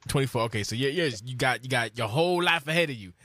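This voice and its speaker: A man in his late thirties from New York, co-hosting a podcast in casual chat with animated storytelling. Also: medium pitch, fast, dry recording, studio quality. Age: late 30s. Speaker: podcast co-host.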